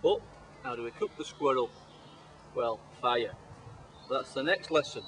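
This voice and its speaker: Comedy survival expert, man acting blustering, unhurried, lively swoops, faint noise behind. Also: sits high, rough recording. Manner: swearing, flustered, mock-instructive. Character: blustering hapless male jungle survival expert. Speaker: survival specialist in a comedy sketch. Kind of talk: mock survival-show presentation.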